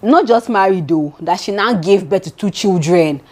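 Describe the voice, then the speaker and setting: A woman's voice: mid-range voice, normal speed. A young adult woman with a Nigerian accent, chatting in a casual gossip vlog and speaking straight to her viewers as "my darling". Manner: animated and chatty, addresses viewers directly as "my darling". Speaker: vlogger.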